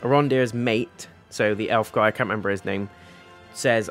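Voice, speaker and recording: A man's voice: mid-range voice, fairly quick, fairly bright tone, soft background music. A man hosting a casual TV episode review, retelling the plot in a rambling way, with paraphrased quotes, fillers and some blunt swearing. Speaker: TV reviewer, channel host.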